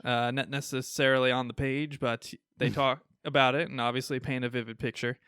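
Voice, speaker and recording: Midwestern male podcast co-host, smooth clear voice, dry close sound, upbeat and chuckly in casual chat. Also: mid-range voice, little pitch movement, fairly quick, fairly bright tone, no room sound. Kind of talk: casual chat reviewing comics.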